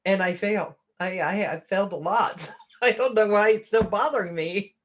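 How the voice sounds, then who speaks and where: A woman hosting a relaxed livestream, loose and talkative. She pokes fun at herself and laughs often. She greets her viewers by name as she chats. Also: mid-range voice, normal speed, highs cut off. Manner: chatty and self-deprecating, laughs often. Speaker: livestream host reading chat. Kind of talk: casual livestream chat.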